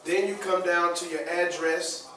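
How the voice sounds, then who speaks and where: Brief: male workshop presenter, raised voice, animated, keeps asking "all right?", captured from a distance in a very reverberant room. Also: high-pitched, measured pace. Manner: lively, asks the audience often, repeats "all right?" and "okay?". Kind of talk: classroom workshop talk. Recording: very echoey room, voice from far off the mic.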